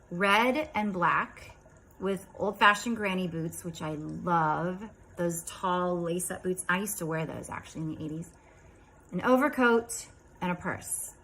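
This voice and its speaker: A woman in her fifties casually recounting a strange dream, chatty and rambling, dropping into quiet asides. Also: fairly low pitch, poor audio. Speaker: vlogger.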